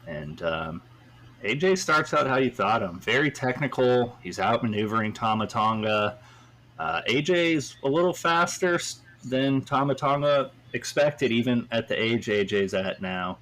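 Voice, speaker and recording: A man's voice: mid-range voice, expressive, unhurried, a bit bright. A man hosting a podcast, recapping a wrestling show in a casual, rambling way full of fillers. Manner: rambling, with many fillers and hedges. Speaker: podcast host.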